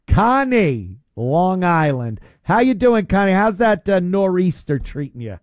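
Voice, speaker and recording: A man's voice: high-pitched, sing-song, a little slow, a little mellow, no room sound, clean studio sound. A man hosting a call-in radio show, chatting and teasing callers in a joking way. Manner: teasing, joking, puts on silly voices. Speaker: radio talk show host.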